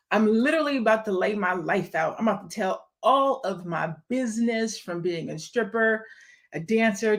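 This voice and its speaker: Candid woman livestreaming to her viewers. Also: mid-range voice. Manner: greets viewers by name between thoughts, candid and emphatic. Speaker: live stream host and event promoter. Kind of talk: casual live stream talk.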